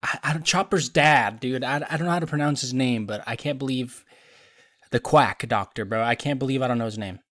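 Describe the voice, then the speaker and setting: A man's voice: mid-range voice, brisk, a bit bright, dry recording, clean studio sound. Rambling young man with a sleepy voice. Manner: rambling, loose with fillers and swearing. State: just woke up. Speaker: video reviewer. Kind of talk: casual review vlog.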